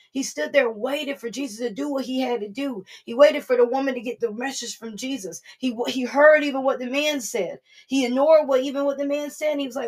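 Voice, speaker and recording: A woman preaching in a casual, earnest way, her voice gravelly with a husky edge. She talks to the congregation directly and slips into little acted voices for the people she quotes. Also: fairly high pitch. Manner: informal and earnest, acting out quoted voices, frequent restarts. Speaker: prophetess preaching. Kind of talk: conversational sermon.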